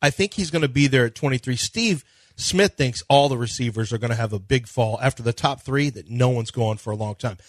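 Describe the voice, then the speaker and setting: Male sports talk radio host, chatty and animated, dry close studio mic. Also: medium pitch, brisk, no echo. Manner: animated storytelling, quotes others in conversation. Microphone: studio microphone.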